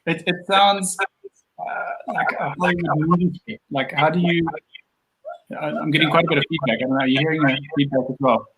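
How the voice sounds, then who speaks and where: A man's voice: a little high, steady tone, a little fast, crowd noise, rough recording. Man, podcast host, rambling, reflective. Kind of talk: conversational interview.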